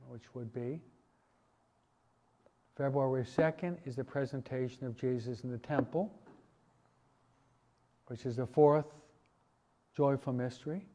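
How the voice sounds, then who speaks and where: A man, a priest, teaching a parish catechesis class in a relaxed, conversational way, asking his listeners questions. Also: mid-range voice, a little slow, long pauses. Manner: conversational, asks the audience questions, many restarts and asides. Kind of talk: informal parish teaching talk.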